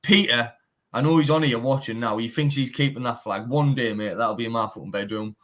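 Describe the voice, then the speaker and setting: A young Teesside man from northeast England who fights bare-knuckle talks animatedly in a casual live-stream interview, full of swearing and repeated "mate"s. He has a mid-range, slightly bright voice and speaks a little fast.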